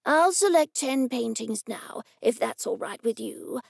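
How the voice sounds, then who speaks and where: A woman voicing an older male gallery owner who gushes with slow, drawn-out enthusiasm, in an audiobook. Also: on the high side, animated, creaky, husky, no echo, studio quality, full character voice. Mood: gushing.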